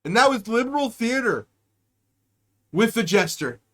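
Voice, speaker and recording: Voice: medium pitch, big pitch swings, measured pace. Profane, sarcastic live-stream podcast host. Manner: profane, sarcastic, swings between loud outbursts and mutters. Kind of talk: ranting satirical commentary on a live stream.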